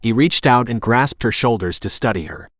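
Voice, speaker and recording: A man narrates a romance novel with steady, even delivery. His voice sits at a middling pitch. The recording is dry and close, with no room sound. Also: moderate pace, dry recording. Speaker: audiobook narrator. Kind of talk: scripted narration.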